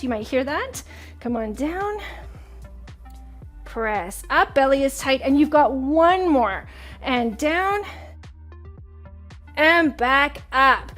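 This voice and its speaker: A woman's voice: sits high, fairly bright tone. A woman hosting a home workout show, guiding viewers through push-ups and stretches with encouragement, a little out of breath. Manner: encouraging, counting reps aloud with laughs. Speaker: fitness instructor and host. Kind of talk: guided home workout instruction.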